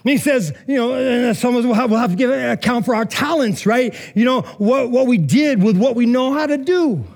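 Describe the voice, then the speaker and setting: A man's voice: extremely high pitch, lively intonation, a little fast, vocal fry, darkish tone. A man preaching a sermon in a casual, conversational way, full of asides and rhetorical questions. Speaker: pastor.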